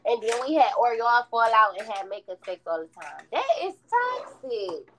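A woman in casual chat with a friend, blunt and animated, acting out the lines she quotes. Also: fairly high pitch, normal speed, background noise.

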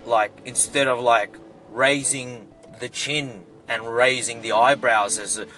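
An easygoing Australian-accented young guy, played by a man who wanders through every thought, doubling back and padding each line with fillers. The comedic monologue has a loose, rambling flow at an ordinary mid pitch. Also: fairly even intonation, takes it slowly, pushed and bright, faint music behind. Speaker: comedy character.

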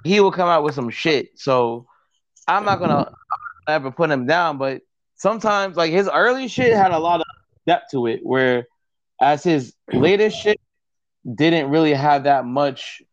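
A man's voice: a little high, expressive, normal speed, no echo. Blunt slangy man on a dull mic. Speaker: podcast co-host. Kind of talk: casual debate chat.

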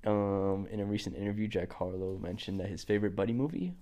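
A Kentucky man in his twenties co-hosts a podcast, his fairly low voice carrying a Southern twang as he talks fast. The recording is very noisy, and the chat is casual and joking, packed with filler words.

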